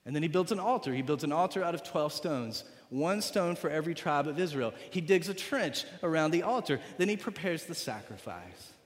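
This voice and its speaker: A man preaching a sermon, retelling a story with dramatic swings between loud and hushed delivery and repeating phrases for emphasis. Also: on the high side, expressive, fairly quick, few pauses. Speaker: pastor. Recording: long reverb of a large hall.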